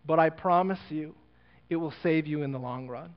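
A man voicing a rich older father who speaks quietly, measured and firm, in a sermon illustration. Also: a little high, lightly acted. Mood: gentle firm. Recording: muffled church recording with long reverb.

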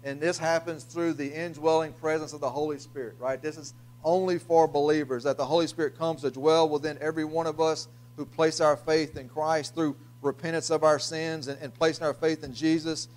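Halting preacher, slightly high voice. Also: male voice, little pitch movement, a little mellow. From Louisiana, US. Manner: halting, repeats words, frequent uh fillers. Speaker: pastor. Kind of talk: sermon. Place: church sanctuary.

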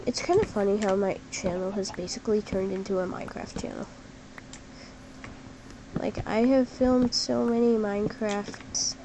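A woman giving casual, chatty gameplay commentary, excitable and full of "like", with sudden shouts. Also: mid-range voice, moderate pace, background noise. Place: at a computer while gaming.

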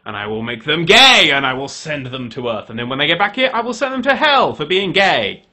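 A man putting on a pompous booming God. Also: sing-song, a little fast, bright, forceful tone, exaggerated voice. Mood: grandiose. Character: pompous self-assured male God, booming and grand.

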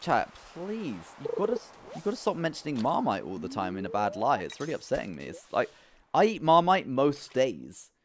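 A young man streaming a farming game, who swings from loud outbursts to low muttering. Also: very animated, quick pace, few pauses, a crowd in the background. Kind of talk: live gameplay commentary.

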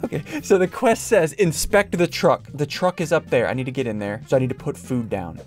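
A young man giving excited commentary over a video game, often yelping and shouting at what happens on screen. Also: mid-range voice, fast. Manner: animated, yelps and shouts at game events. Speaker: gaming YouTuber. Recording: light background music.

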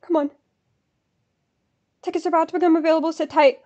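A woman's voice: very high voice, steady tone, quick pace, mellow, lo-fi sound. A woman vlogging as she waits to buy concert tickets, anxiously repeating herself and dropping to mutters and whispers. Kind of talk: nervous live commentary.

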